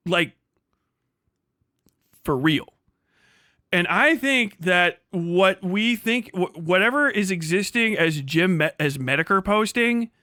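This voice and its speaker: A man ranting through a casual livestream in a bright, high voice, crude and profane, laughing often. The sound is dry and close. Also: no room sound. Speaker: streamer host.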